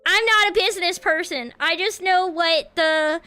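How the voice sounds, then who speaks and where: A woman's voice: very high voice, moderate pace, sharp tone, soft background music. A woman streamer chatting casually with her viewers, bubbly and giggly, slipping in playful meows. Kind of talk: casual livestream chat greeting viewers.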